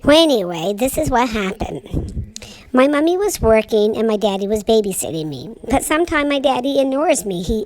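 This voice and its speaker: A woman's voice: on the high side, natural voice, rough recording. A woman voicing her young male boxer dog, telling a rambling homespun story with stammered restarts. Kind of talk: pet voice-over monologue.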